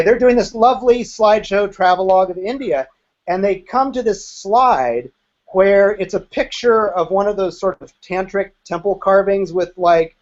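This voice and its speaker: This interview guest, a former group member in his fifties, relates his experiences frankly, with the odd curse word. His voice sits high, and the audio is dull.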